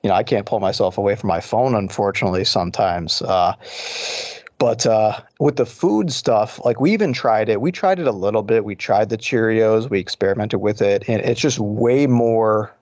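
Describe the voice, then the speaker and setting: A low-voiced man co-hosting a podcast in an earnest, conversational way. He restarts his sentences often. The sound is dry and close. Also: normal speed, darkish tone, no echo, highs cut off. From Detroit area. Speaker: podcast co-host. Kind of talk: casual chat.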